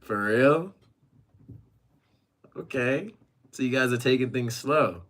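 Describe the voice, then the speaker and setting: A man's voice: mid-range voice, expressive, takes it slowly, a bit bright. A young man streaming from a rented apartment, reading chat messages aloud and reacting casually, with frequent swearing.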